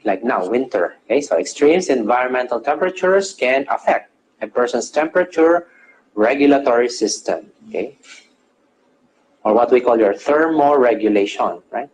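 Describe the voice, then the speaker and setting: A man's voice: mid-range voice, darkish tone, slight background noise, rough recording. A man teaching a nursing class. He quizzes his students, answers his own questions, and explains English terms as he goes, tagging most phrases with "okay?". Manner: checks in with "okay?" after nearly every phrase. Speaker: nursing lecturer. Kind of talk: classroom lecture.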